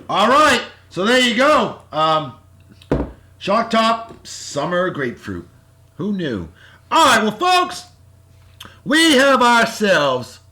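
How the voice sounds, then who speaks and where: A man hosting a casual beer-tasting vlog, talking in a loud, hyped-up, slangy way and sounding short on sleep. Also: sits high. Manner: boisterous, hyped-up, shouty slang-laden praise. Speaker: vlog host.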